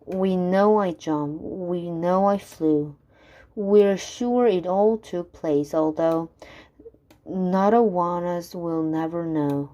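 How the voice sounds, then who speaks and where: Woman, reading rhyming children's poems, very slow, lowish pitch, rhythmic. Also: mellow. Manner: measured, rhythmic. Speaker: reader.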